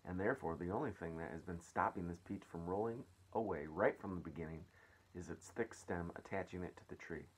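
A man voicing a kind, gentle female ladybird in a read-aloud storybook, speaking calmly and reassuringly. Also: low voice, a little fast, breathy edge. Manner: calm, reassuring storybook reading.

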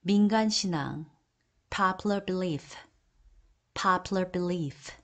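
Woman slowly reading English word pairs. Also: fairly low pitch. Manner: slow deliberate repetition of each English phrase. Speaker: English vocabulary teacher. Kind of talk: word list reading, Korean then English repeated twice.

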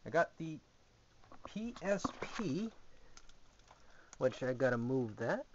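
A man's voice: medium pitch, very animated, slow, pauses often, muffled recording, heavy background noise. A young man giving a rambling, jokey, sarcastic tour of his small gaming closet, recorded on a camera mic. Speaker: vlogger. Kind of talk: casual home video tour.

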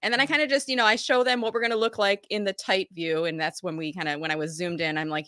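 A woman hosting a casual live video chat from her family room at home, chatty and quick with lots of fillers and restarts. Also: medium pitch, steady tone, sharp tone, no echo, studio quality. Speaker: host of a live chat show.

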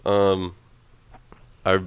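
A man's voice: deep voice, monotone, extremely slow, smooth, no room sound, studio quality. A young man co-hosting a podcast, chatting casually in a profane, rambling way and laughing often. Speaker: podcast co-host. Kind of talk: casual crude banter.

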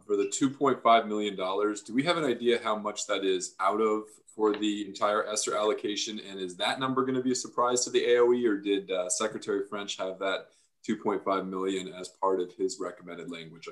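Deep, flat-voiced man asking questions. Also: fairly quick, rough recording. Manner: polite, tentative questioning. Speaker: senator. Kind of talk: committee meeting discussion.

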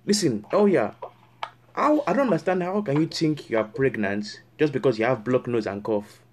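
A man's voice: mid-range voice, animated, normal speed, darkish tone. A man making a prank call as a fake counselor, scolding and repeating himself angrily. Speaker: prank caller posing as a counselor.

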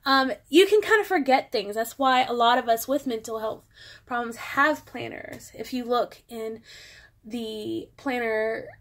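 Chatty woman with a fairly high voice. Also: fairly bright tone. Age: adult parent. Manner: chatty, rambling, self-interrupting. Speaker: planner vlogger. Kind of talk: casual show-and-tell chat.

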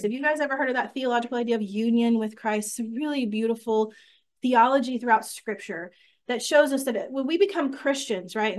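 A young woman teaching a women's Bible study, earnest and chatty, with many fillers and restarts. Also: a little high.

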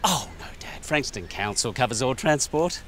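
An actor with an Australian accent playing an eager, chatty grown son who gushes and laughs often, in a TV comedy-drama. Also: male voice, mid-range voice, expressive, normal speed, fairly bright tone, slight background noise, lightly acted. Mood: gushing. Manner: bubbly, gushing, laughs often. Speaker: adult son arriving at a family dinner.

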